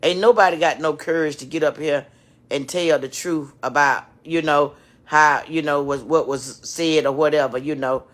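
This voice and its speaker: A woman's voice: deep voice, fairly even intonation, moderate pace. A woman, tearful, talking straight to her viewers in an emotional, repetitive, preachy rant. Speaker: vlogger addressing her channel. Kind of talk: emotional live-stream rant.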